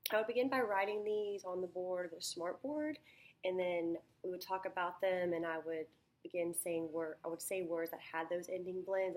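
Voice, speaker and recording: A young woman talking through a phonics lesson plan as a student teacher, thinking aloud with many ums and restarts. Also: fairly low pitch.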